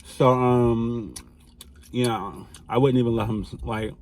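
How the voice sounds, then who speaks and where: A young man tells a storytime in a loose, chatty way, his voice sitting at a middle pitch. He gets animated and laughs a lot, jumping from loud outbursts to quiet, hushed asides. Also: takes it slowly. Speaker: vlogger. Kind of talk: casual storytime.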